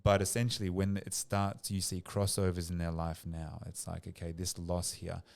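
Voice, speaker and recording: A man, a psychotherapist guest on a podcast, telling stories in a lively, relaxed and slightly sweary way. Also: low voice, normal speed, creaky. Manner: animated storyteller, relaxed and a bit sweary. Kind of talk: casual podcast conversation.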